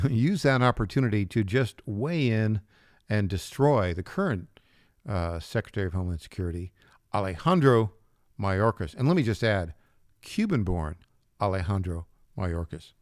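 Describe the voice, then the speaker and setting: A man's voice: fairly low pitch, expressive, moderate pace, no room sound, clean studio sound. A man hosting a political talk radio show, making wry asides and chuckling at his own jabs as he introduces clips.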